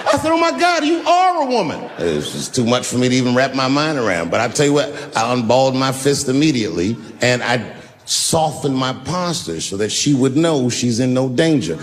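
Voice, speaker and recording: Male stand-up comic, live routine, lively, swooping storyteller. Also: brisk, big-room sound, a little hiss or hum. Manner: animated storytelling with swings in pitch and volume. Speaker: stand-up comedian.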